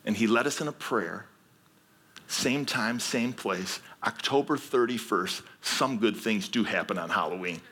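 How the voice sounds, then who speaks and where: Pastor, male, sermon delivery: bright, husky tone, earnest storytelling that builds to emphatic appeals. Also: fairly low pitch, a little slow.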